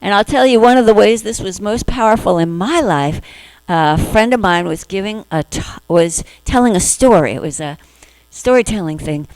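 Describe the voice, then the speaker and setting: A woman minister giving a spiritual talk to her congregation, gentle, acting out inner voices in little quoted asides. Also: mid-range voice, expressive, moderate pace, dry recording, poor audio.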